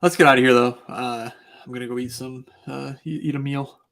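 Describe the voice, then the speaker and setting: A man co-hosting a casual betting podcast, halting and fumbling for words. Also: medium pitch, fairly even intonation, a bit bright. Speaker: podcast co-host.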